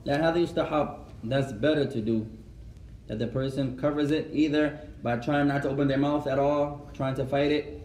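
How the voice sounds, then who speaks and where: A man teaching a mosque lesson and answering questions, mixing Arabic phrases into his English, in a gently instructive way. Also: medium pitch, fairly even intonation, brisk, slight background noise. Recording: roomy echo, voice from far off.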